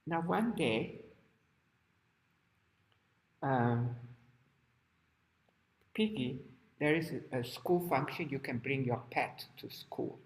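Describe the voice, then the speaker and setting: Older man, teacher, gentle storytelling lesson, unhurried, echoey hall. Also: medium pitch. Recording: roomy hall reverb.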